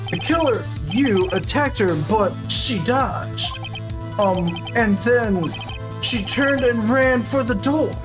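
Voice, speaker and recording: Woman doing a squeaky, stammering male witness. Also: takes it slowly, music in the background. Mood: flustered. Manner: high, stammering, whiny. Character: nervous fussy male witness, middle-aged.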